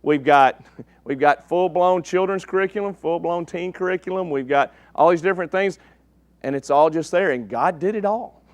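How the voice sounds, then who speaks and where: Preaching to his congregation alongside a slide show, a man from East Texas keeps things folksy and jokey, often asking "okay?". He speaks at normal speed in a voice that sits high, and there's no room sound.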